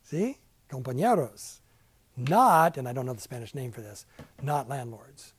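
A man's voice: medium pitch, big pitch swings, moderate pace, slightly rough, poor audio. An older man teaching a casual Bible class in a church classroom, chatty and self-deprecating, with many asides.

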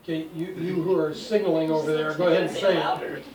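A man's voice: fairly high pitch, steady tone, a little fast, a crowd in the background. Older male teacher in an echoey room. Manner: patient, explanatory, wry asides. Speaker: Greek teacher. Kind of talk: classroom lesson. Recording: echoey room, distant mic, faint noise.

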